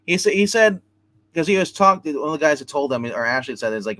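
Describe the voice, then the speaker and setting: A man with a fairly high voice talks fast while hosting a live comic book review stream. In a casual, animated style, he retells the story and voices the characters' lines himself.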